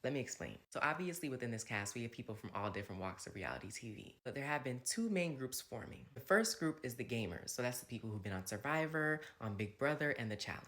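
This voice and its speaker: A man's voice: mid-range voice, sing-song, fast talker, hardly any pauses, fairly bright tone. A man hosting a casual, gossipy recap of a reality TV episode, with playful asides. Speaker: recap host.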